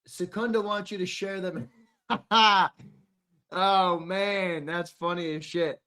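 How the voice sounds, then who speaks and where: A man's voice: sits high, steady tone, takes it slowly, bright, forceful tone. A young man co-hosting a live sports stream, reading the chat in a brash, teasing, profane way, his voice a little strained. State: slightly strained voice.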